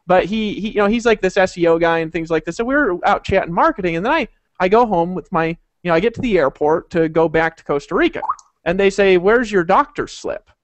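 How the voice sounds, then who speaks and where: A man's voice: sits high, brisk, no echo. A man hosting a group call, telling a rambling story with many fillers and asides. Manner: rambling, laughing, full of fillers. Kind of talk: casual storytelling.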